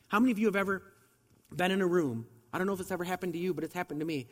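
A man with a fairly high voice preaches at a quick clip, chatty and full of rhetorical questions. He has a bit of a cold. His voice carries a long reverb, as in a large hall. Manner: conversational, fast, with rhetorical questions. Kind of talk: sermon.

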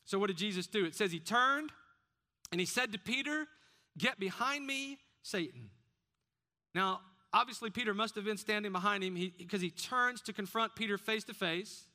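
A man's voice: sits high, brisk, bright, forceful tone. A man preaching a sermon as pastor, often putting questions to the congregation.

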